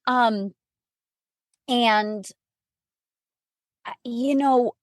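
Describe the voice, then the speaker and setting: A woman guest on a podcast telling her story in a casual, expressive, self-mocking way, full of "like" fillers. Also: a little high, extremely slow, no room sound, clean studio sound. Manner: chatty with frequent "like" fillers.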